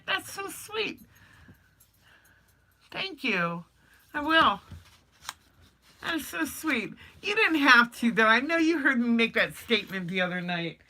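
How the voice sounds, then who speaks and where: Her deep voice is bright and forceful as she hosts a casual livestream. This woman chats in a folksy manner and reads aloud the comments from her viewers.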